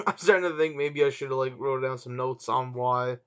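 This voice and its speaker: With a clear, resonant mid-range voice at normal speed, a podcast co-host fumbles for words in an easygoing conversation. The sound quality is dull and lo-fi.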